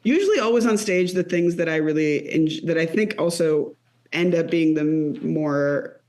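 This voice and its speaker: A woman in her late thirties, a comedian guest, chatting casually on a podcast in an animated, rambling way. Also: low-pitched, normal speed. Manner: animated, rambling with many fillers.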